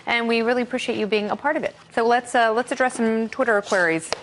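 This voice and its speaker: A woman's voice: on the high side, fast, slight background noise, poor audio. A woman hosting a late-night talk show, chatty and upbeat in casual panel conversation.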